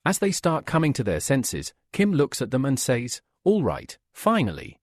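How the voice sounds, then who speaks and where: Brief: male recap narrator, husky, dry close sound, very lively pitch. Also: moderate pace, no echo. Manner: steady storytelling, reads all quotes. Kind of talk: scripted narration.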